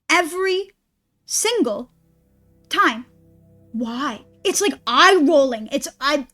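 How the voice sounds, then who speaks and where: A woman's voice: high-pitched, animated, slow pace, pauses often, pushed and bright, faint music behind. A woman streamer in casual stream chat, ranting and rambling with a lot of swearing.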